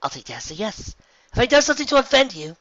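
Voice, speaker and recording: A man's voice: high-pitched, very animated, fast, a bit bright, dry recording, recorded from a distance, muffled recording, voice pushed up. A man reading a fan story voices a brave, polite young female pegasus hero, raised well above his own voice. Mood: puzzled. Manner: earnest, polite, urgent.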